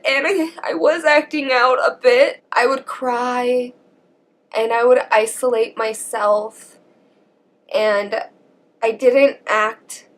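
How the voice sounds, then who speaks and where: A young woman vlogger telling a painful personal story, halting and emotional, her voice shaky and often near tears. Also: medium pitch.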